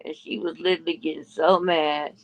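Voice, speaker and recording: A man's voice: fairly high pitch, little pitch movement, fairly quick. A man co-hosting a podcast, telling a gossip story in a rambling way and raising his voice to quote other people. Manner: rambling, restarts often, quotes others in a raised voice. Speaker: podcast co-host. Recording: muffled lo-fi audio.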